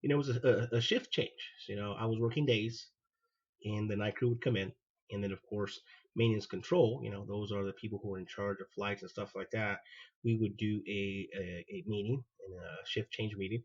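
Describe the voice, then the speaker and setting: A man, a former Marine hosting his own show, telling a personal story in an animated way and acting out what people said. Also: lowish voice, brisk, slightly rough, dull audio. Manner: animated, acts out quoted dialogue. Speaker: podcast host, former Marine.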